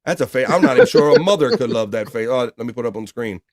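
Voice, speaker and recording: A man's voice: medium pitch, lively intonation, racing. Wisecracking man hosting a livestream. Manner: laughing often, wisecracking. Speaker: livestream talk show host. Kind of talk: casual chat reading viewer comments.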